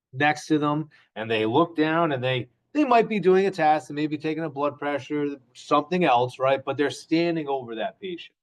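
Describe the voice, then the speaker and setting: A man's voice: a little high, poor audio. A man who is a physical therapist, lecturing a class in a conversational way, asking questions and acting out stories. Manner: conversational, asks the class questions, acts out anecdotes.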